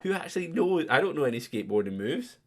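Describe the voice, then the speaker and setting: A man's voice: on the high side, sing-song, fast, darkish tone. A middle-aged man hosting a quiz stream in casual chat, rambling and joking as he goes. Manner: rambling, self-interrupting, joking. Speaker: quiz host.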